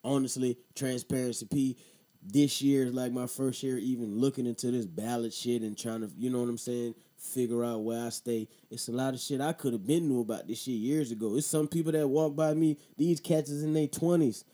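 A man's voice: mid-range voice, steady tone, fairly quick, dark tone. A man in his thirties hosting a casual show, telling a profane, slangy story and then talking about voting. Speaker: podcast host.

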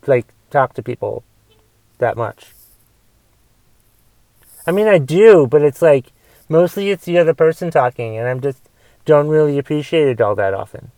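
A man's voice: fairly high pitch, a little mellow, no room sound. A young man hosting a solo podcast, ranting in a casual, rambling way with restarts and swearing. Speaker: podcast host.

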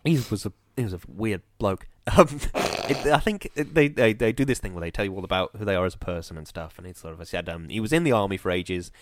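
A man's voice: low-pitched, fast, hardly any pauses, noisy background. A man, chatting casually over a video call and telling a long story with lots of fillers. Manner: rambling, animated storytelling with fillers. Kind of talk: casual chat.

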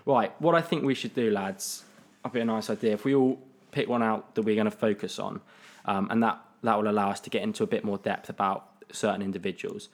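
A man's voice: lowish voice, steady tone, fairly quick. A young man hosting a casual sports podcast, steering the chat and reading out lists of names. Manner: leads the discussion, reads out lists. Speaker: podcast host.

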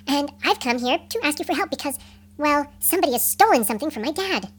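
Brief: woman putting on an earnest princess, soft and slow, lively storybook read. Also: sits high. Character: earnest young princess asking pirates for help.

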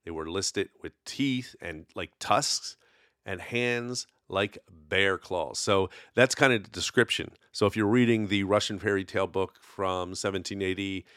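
Rambling man with a low, dry voice. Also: measured pace, fairly bright tone, no room sound. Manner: rambling, conversational, many fillers. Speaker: podcast host. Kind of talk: casual solo podcast storytelling.

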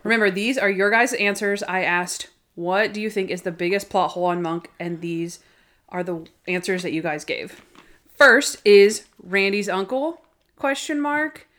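A woman hosts a casual podcast in a middle-pitched voice. She teases her co-host and keeps the show moving from one segment to the next with an upbeat lilt. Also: moderate pace, a bit bright. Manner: teasing, upbeat, leading the segments. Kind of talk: casual chat.

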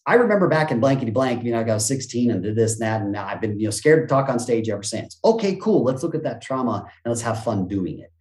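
A man who talks like a motivational speaker, bouncing his pitch up and down as he acts out little quoted scenes and gasps. His voice sits at an ordinary middle pitch, and the recording has a noticeably echoey room around it. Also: sing-song, quick pace, hardly any pauses, a little mellow. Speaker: motivational speaker and business coach, podcast guest. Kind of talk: energetic conversational interview talk.

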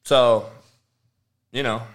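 A man, a football coach on a livestream, answering chat with profane, confrontational rants that swing from low mutters to loud, high tirades. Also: fairly even intonation, extremely slow. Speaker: football coach streaming live.

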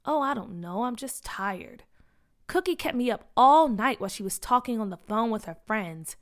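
Tired, grumbling schoolgirl with a high voice , played by a woman for a kids' audio story. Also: lively intonation, moderate pace. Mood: grumbly.

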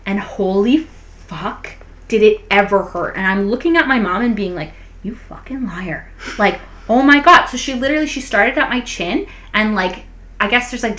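Animated young woman telling a story. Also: medium pitch. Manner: animated storyteller, swears freely, says "and whatnot". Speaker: podcast co-host. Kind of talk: casual chat.

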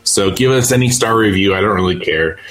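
A man's voice: lowish voice, brisk, fairly bright tone. A man co-hosting a casual podcast with dry, teasing remarks. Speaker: podcast co-host.

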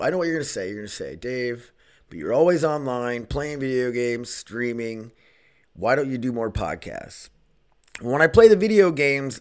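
A man hosting his own podcast in casual solo chat, blunt and rambling, swearing freely. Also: mid-range voice. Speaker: podcast host.

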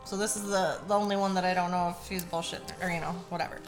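A woman's voice: on the low side, fairly even intonation, very fast, soft background music. A young adult woman co-hosting a podcast, telling stories in a loose casual way, swearing freely and laughing easily. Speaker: podcast co-host. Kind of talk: casual storytelling chat.

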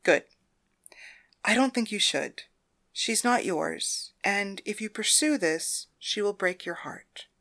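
A woman voicing a calm, commanding brothel madam who speaks low and measured in a storybook reading. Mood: stern.

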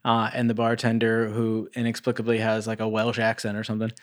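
A man's voice: lowish voice, monotone, a little fast. Sarcastic, cursing podcast man. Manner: sarcastic, profane, rambling with restarts. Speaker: podcast co-host. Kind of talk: casual movie review chat.

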